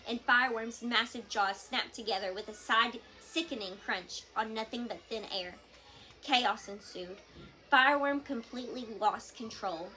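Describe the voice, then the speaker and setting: Bright-voiced woman reading a storybook aloud. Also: fairly high pitch. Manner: expressive storytelling. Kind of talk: reading a children's novel aloud.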